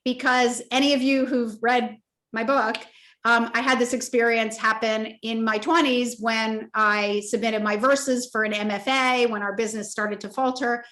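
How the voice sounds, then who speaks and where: A woman in her fifties, an author telling a personal story in an emotional, animated way at a virtual interview event, acting out the voices in her story. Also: fairly high pitch, moderate pace. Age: 50s. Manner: animated, emotional, acts out quoted dialogue. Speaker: author and toy company co-founder. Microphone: video call.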